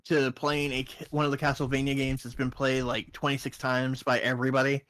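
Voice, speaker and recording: A man co-hosting a casual podcast chat, rambling and joking, now and then slipping into high silly voices. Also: completely flat delivery, fairly quick, a bit bright. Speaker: podcast co-host.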